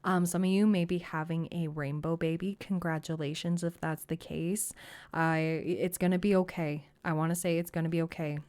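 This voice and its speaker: An effusive woman reads tarot cards for her viewers in a relaxed, chatty way. Her voice sits a little lower than most women's. She keeps reassuring the listener and breaks into quick exclamations as she goes. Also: smooth. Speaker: tarot reader. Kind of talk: casual tarot reading to camera.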